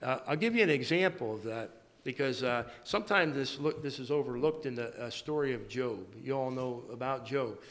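A man giving a sermon in a halting way, often repeating and restarting his words. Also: medium pitch, expressive, a bit bright. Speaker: preacher. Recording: long hall reverb.

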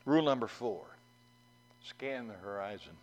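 A man's voice: fairly low pitch, animated, moderate pace, darkish tone, poor audio. A man preaching a sermon in a folksy way, asking the congregation questions and acting out the voices in a story he tells. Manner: acts out voices in a told story.

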